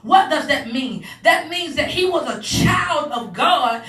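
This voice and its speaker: Woman preacher, sermon, high voice, heard from a distance. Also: lively intonation. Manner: builds from low, measured teaching to shouted, rising preaching. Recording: echoey hall from a distance.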